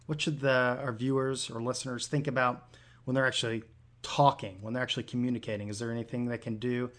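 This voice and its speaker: A man's voice: mid-range voice, flat delivery, fast, a bit bright. Male host, middle voice, recaps points and asks follow-up questions. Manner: sums up the guest's points before asking the next question. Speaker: interviewer. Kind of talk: conversational business interview.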